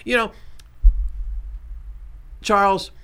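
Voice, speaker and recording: A man hosting a casual radio talk show, who repeats key points and slows right down to spell out numbers. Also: sits high, steady tone, pushed and bright, clean tone.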